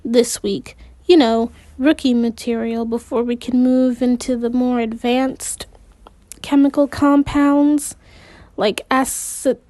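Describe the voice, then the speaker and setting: High-voiced, slow woman reading a novel aloud. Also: fairly even intonation, mellow, no room sound. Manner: halting, spells out hard words, adds side remarks. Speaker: audiobook reader.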